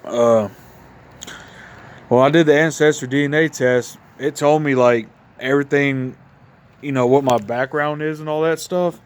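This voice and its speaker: A man's voice: fairly high pitch, steady tone, unhurried, smooth. A man from Mississippi with a Southern accent, chatting casually into his phone camera in his backyard at night, a little tipsy after a couple of beers. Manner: laid-back, rambling, addresses viewers as y'all. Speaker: vlogger. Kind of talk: casual outdoor chat to camera.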